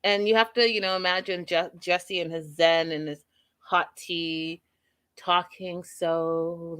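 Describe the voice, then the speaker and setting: A woman hosting a podcast, giving an animated, emphatic, chatty recap of a reality show. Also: on the low side, takes it slowly, clear, resonant tone. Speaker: podcast host. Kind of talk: casual TV recap commentary.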